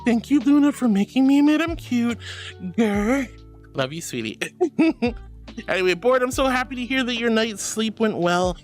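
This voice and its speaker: A woman streaming as a VTuber archangel persona, chatting casually with her viewers in a playful, dramatic way and turning soft and comforting when she consoles them. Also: fairly high pitch, a little fast, few pauses, faint music behind. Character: archangel persona, regal and sweet. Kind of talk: casual livestream chat.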